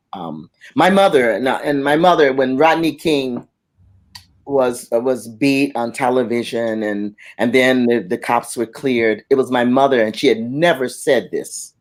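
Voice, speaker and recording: A middle-aged speaker on a panel, voice sitting at an ordinary pitch for their sex and moving freely as they talk. The delivery is impassioned and storytelling, slipping into the voices of the people they quote. Words often break off and restart mid-thought. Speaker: arts facilitator on a panel.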